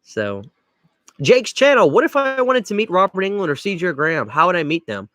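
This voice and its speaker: A young Cajun man from Louisiana chats through a live Q&A, reading out viewers' names and rambling loosely between answers. His voice sits a touch high for a man, and the sound is dry and close with no room around it. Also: brisk, no echo. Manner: relaxed, rambling, reads chat names aloud. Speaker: livestream host answering chat. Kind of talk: casual live Q&A chat.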